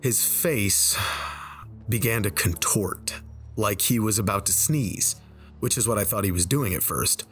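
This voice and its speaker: A man telling a personal story in a relaxed, conversational way over gameplay, slowing down for the tense moments. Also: lowish voice, faint music behind. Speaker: storyteller and game video creator. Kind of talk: casual spoken storytelling. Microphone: desk microphone.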